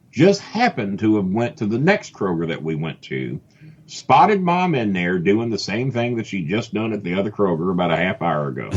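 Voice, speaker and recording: A man with a low, husky voice tells a rambling comic tale. His pitch swings widely as he laughs and slips into other people's voices along the way. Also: dull audio. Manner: animated, mimics voices, laughs often. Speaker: podcast guest telling a story. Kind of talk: casual storytelling.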